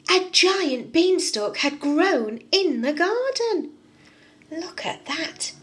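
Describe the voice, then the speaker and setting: A female nursery teacher reads a storybook aloud to young children, expressive and pausing to ask them questions. Her voice is extremely high and she speaks slowly.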